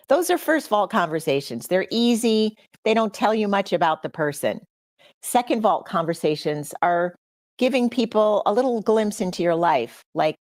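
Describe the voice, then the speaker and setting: A woman's voice: medium pitch, lively intonation, moderate pace, darkish tone, no room sound, studio quality. A middle-aged woman hosting a livestream, speaking earnestly and personally to her audience. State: choked up with emotion. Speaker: podcast host.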